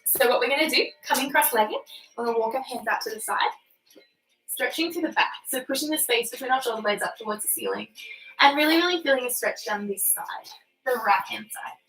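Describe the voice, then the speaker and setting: Young Aussie woman, Pilates instructor, informal and chatty, fairly high voice, roomy recording. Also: a little fast, a bit bright, soft background music. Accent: Australian. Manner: chatty and informal, with many ums. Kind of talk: guiding an online Pilates class. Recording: echoey room.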